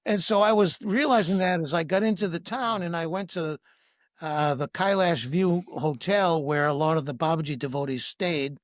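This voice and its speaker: A man's voice: fairly high pitch, normal speed, dry recording, studio quality. A man, a breathwork teacher and podcast guest, telling a personal story and acting out the dialogue. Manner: lively anecdote with acted-out dialogue. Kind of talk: storytelling in conversation.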